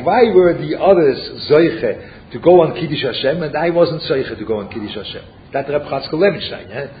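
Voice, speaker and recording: A man teaching a Torah class, who asks rhetorical questions, repeats himself and mixes Yiddish and Hebrew terms into his English. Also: fairly high pitch. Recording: muffled lo-fi recording with faint background noise.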